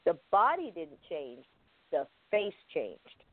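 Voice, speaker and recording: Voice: medium pitch, huge pitch swings, no echo. Guest telling a story over a tinny line. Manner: halting, vivid retelling with restarts and fillers. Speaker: guest recounting an experience. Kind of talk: first-person storytelling in an interview. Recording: tinny phone-line sound, dry.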